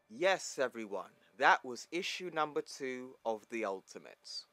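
A man casually retelling a comic book issue page by page, with small slips along the way. His voice sits at a middle pitch and sounds close and dry, with no room echo. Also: big pitch swings, a little slow, pushed and bright. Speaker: comic recap host.

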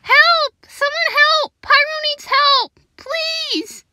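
Brief: tearful female raptor, a woman voicing her, bright and tense, very expressive. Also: high-pitched, takes it slowly, no echo, full character voice. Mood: panicked. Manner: pleading, tearful. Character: lovestruck female raptor, devoted to her mate. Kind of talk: fan dinosaur audio drama.

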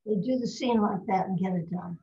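Lively older woman telling stories. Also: medium pitch, fairly quick, vocal fry, background noise. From United States. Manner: lively, anecdotal, fond of putting on voices. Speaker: guest, voice actress. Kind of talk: casual storytelling interview. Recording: roomy, slightly dull recording.

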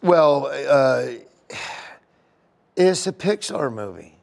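A man's voice: fairly high pitch, expressive, drawn-out words, creaky. A middle-aged man, a comedian, telling stories in an interview in an emotional, rambling way with many restarts. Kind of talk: sit-down interview storytelling. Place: golf tournament venue.

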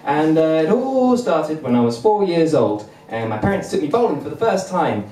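A man's voice: on the high side, big pitch swings, moderate pace, mellow. A young man doing a bumbling, self-deprecating stand-up set on a comedy club stage, chuckling between lines. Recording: roomy venue, mic at a distance.

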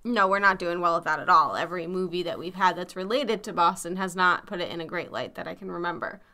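Young female co-host, Massachusetts accent, tense bright tone, loose and chatty. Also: fairly low pitch, fast talker. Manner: chatty, full of fillers and hedges. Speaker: podcast co-host. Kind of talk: casual chat.

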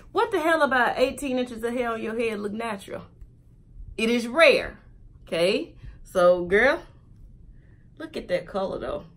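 A woman's voice: high voice, fairly bright tone. A woman chatting casually and joking straight to viewers while reviewing a wig for her vlog.

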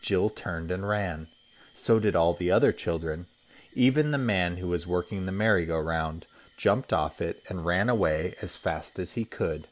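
A man, a teacher, reading a children's story aloud with expressive storytelling. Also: sits low, measured pace.

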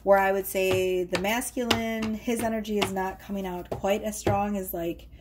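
A woman's voice: medium pitch, fairly even intonation, normal speed, noisy background. A woman giving a casual tarot reading from her home workroom, talking in a chatty way with fillers and frequent tag questions. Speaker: tarot reader.

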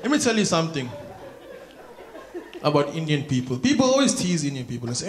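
A man's voice: fairly high pitch, big pitch swings, a little fast. A male stand-up comedian with a South African English accent, telling stories and teasing the crowd on a theatre stage. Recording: echoey theatre with audience noise.

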